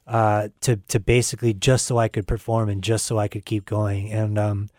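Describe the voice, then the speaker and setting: A young man talking earnestly on a live call-in show, pausing often with fillers as he answers questions. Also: on the low side, monotone, a little mellow, no room sound, clean studio sound. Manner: earnest, halting with many fillers. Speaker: guest musician. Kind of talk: casual live radio talk.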